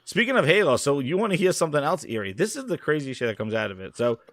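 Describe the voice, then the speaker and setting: A man hosts a casual live stream with a lively, wide-ranging voice that sits a little high. He rambles excitably and swears casually. The sound is dry and close. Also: quick pace, no room sound. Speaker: host.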